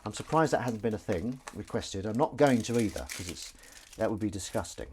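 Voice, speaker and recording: Lively-voiced British man chatting at the sink. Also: lowish voice, brisk, a little hiss or hum. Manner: chatty, jokey, self-deprecating, answers viewer comments. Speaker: live streamer. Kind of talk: casual chat while washing dishes. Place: home kitchen at the sink.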